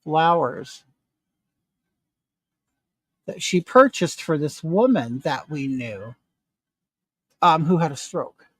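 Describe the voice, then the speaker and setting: Brief: middle-aged man with a high, bright voice, animated and indignant storytelling, dry close sound. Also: takes it slowly, pauses often, dry recording. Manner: animated, indignant retelling with rising emphasis. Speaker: vlogger. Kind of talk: casual storytelling while doing makeup.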